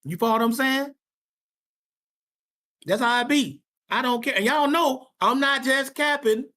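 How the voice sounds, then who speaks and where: A man's voice: very high-pitched, a little slow, pushed and bright. A man teaching a Sabbath class to young people, talking in an emphatic, slangy way and repeating his points for stress. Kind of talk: informal preaching to young people.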